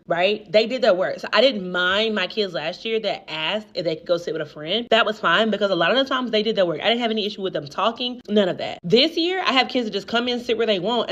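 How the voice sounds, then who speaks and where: A woman's voice: medium pitch, muffled recording. A woman teacher speaking to camera in an indignant, scolding way about her students. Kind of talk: venting to camera.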